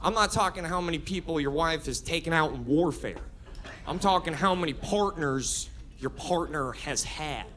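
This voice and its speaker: A man in his thirties doing a stand-up comedy set, brash and building into shouted rants. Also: on the high side, moderate pace, a little hiss or hum. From Florida. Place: comedy club stage with audience laughter.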